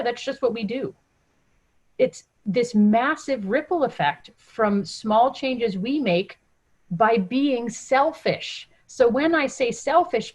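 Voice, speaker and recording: A woman guest on a podcast, chatting casually and telling stories with lively acted-out quotes. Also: fairly high pitch. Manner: animated storytelling, acts out quoted voices. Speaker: podcast guest, mom coach. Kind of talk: casual interview chat.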